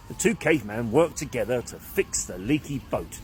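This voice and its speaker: A man narrating a children's story in an animated, expressive way. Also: medium pitch, normal speed, hardly any pauses, slight background noise.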